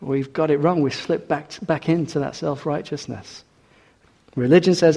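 A man's voice: a little high, steady tone, moderate pace, creaky, warm tone. A man preaching a sermon in an earnest way, with rhetorical questions and hesitant restarts. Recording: long hall reverb.

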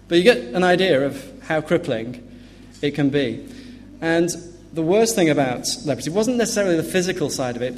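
A man preaching an earnest sermon, emphatic and dropping to a hush on grave points. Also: medium pitch. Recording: long hall reverb.

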